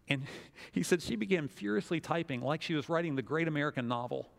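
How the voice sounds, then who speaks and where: A man preaching a sermon as pastor, telling a story with lively acted-out quotes. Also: fairly high pitch, fast, creaky, big-room sound.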